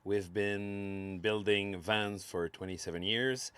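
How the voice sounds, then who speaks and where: A man with a French Canadian accent, a guest in a casual interview, speaking in a relaxed, conversational way. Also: on the low side, takes it slowly, clean tone, no room sound. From Quebec.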